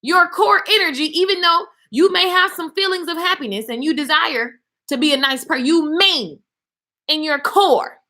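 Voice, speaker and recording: Bright, high-voiced woman preaching to viewers. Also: normal speed. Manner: animated, preachy, talks straight to viewers. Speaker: motivational speaker and singer. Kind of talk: live-stream motivational talk.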